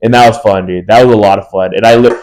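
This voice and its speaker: A young man in his twenties talks fast and keeps a casual, chatty flow as he co-hosts a podcast. He acts out his friends' lines while he tells stories. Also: on the low side, poor audio. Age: 20s. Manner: animated storyteller acting out friends' lines. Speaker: podcast co-host. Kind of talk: casual chat.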